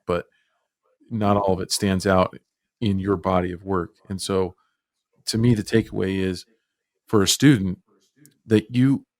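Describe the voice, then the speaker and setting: Lower-voiced man hosting a podcast. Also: no room sound, clean studio sound. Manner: reflective, draws takeaways for students. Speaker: podcast host. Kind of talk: casual podcast discussion.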